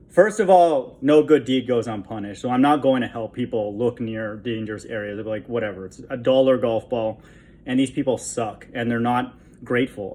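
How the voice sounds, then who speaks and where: A man's voice: mid-range voice, a little mellow. A man telling a story in a rambling, casual monologue, scornful in tone and constantly adding "okay?". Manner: scornful, contemptuous. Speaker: vlogger.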